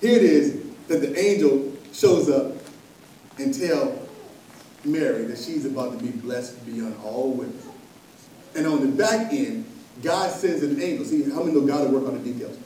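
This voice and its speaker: A man preaching a sermon to a congregation, calling for responses and building to loud emphatic peaks. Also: mid-range voice, moderate pace, a little hiss or hum. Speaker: pastor. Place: church sanctuary. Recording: echoey church from far off.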